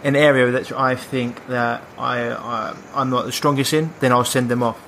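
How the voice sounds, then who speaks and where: A man's voice: medium pitch, fairly even intonation, moderate pace, a bit bright, slight background noise. A man hosting a podcast, asking questions casually and restarting his sentences often. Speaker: podcast host.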